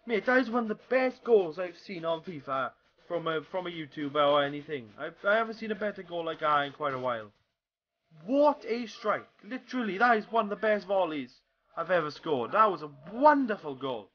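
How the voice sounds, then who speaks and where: A young man doing gameplay commentary, swearing constantly and swinging between frustrated shouts and low muttering. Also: very animated, a little fast, lo-fi sound. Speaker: gaming YouTuber.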